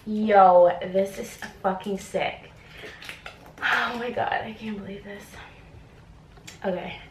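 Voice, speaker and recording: A woman's voice: medium pitch, steady tone, slow. Young woman, casual vlog chat, gushing and chatty, far from the mic, echoey room. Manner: chatty and gushing, lots of "like" and "oh my god". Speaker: beauty vlogger. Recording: roomy echo from a distance, with noise behind.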